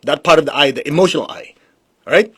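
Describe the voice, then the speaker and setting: A man's voice: fairly high pitch, quick pace, fairly bright tone, husky. A man giving a live-streamed spiritual teaching in a blunt, emphatic way, with pointed rhetorical questions. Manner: mocks excuses with put-on quoted voices.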